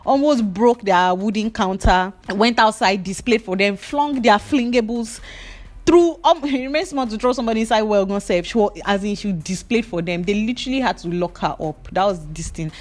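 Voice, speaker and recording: A woman with a Nigerian accent, a hairdresser vlogger, telling an animated gossip story while she braids. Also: mid-range voice, fairly quick, hardly any pauses. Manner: animated, chatty gossip with pidgin fillers.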